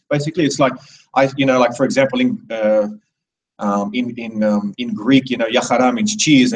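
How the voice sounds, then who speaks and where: A man's voice: medium pitch, recorded from a distance, low-quality recording. A man in his thirties giving a rambling, digressive live speech to an audience, with many restarts. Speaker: speaker at a live event.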